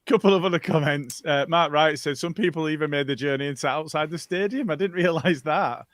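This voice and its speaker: A man's voice: on the high side, fairly quick, a bit bright, dry recording. A man hosting a football podcast, hesitant with many ums as he reads out listener comments. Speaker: podcast host. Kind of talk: casual football chat.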